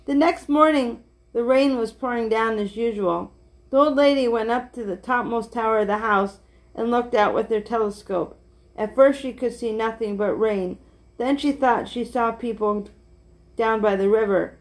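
A woman reading a children's picture book aloud in a gentle, steady way, with small slips and restarts. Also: on the high side, normal speed.

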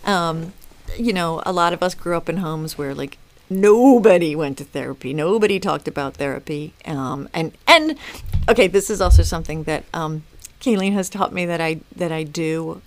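A woman's voice: fairly low pitch, moderate pace, hardly any pauses. A woman in her fifties, a mother speaking as a podcast guest, reflective and earnest with frequent restarts. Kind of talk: casual podcast conversation.

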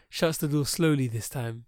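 A man co-hosting a podcast, telling a long story in casual chat, animated and rambling, swearing freely. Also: medium pitch, no room sound, studio quality. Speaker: podcast co-host.

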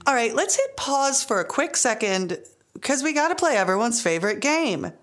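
A woman's voice: a little high, sing-song, moderate pace, fairly bright tone, faint music behind. An American woman hosting a podcast in a playful, teasing way. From United States. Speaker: podcast host. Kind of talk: casual chat.

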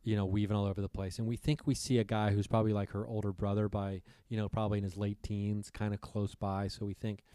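A man's voice: lowish voice, flat delivery, fast, hardly any pauses, dark tone, clear, resonant tone, dry recording, clean studio sound. A man telling a long rambling story in casual chat, swearing freely and acting out what people said.

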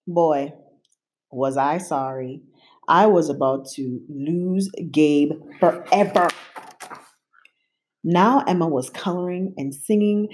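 A woman reading a children's picture book aloud in a playful, animated way. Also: fairly low pitch, slow. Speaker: storybook reader.

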